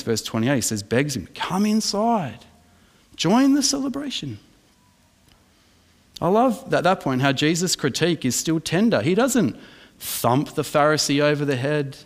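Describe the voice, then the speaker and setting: Australian male pastor preaching in a hall. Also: mid-range voice. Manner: emphatic preaching, asks the congregation questions. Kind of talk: sermon.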